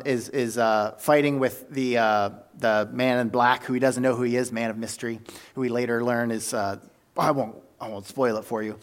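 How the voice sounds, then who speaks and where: Guy preaching a sermon, acts out the stories, lots of uhs and restarts. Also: mid-range voice. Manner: animated storytelling with fillers and self-corrections.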